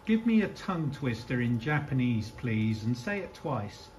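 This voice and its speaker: A man's voice: medium pitch, very animated, normal speed, darkish tone, a little hiss or hum. A man asking a robot questions in a casual, friendly and direct way. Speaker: interviewer testing a robot.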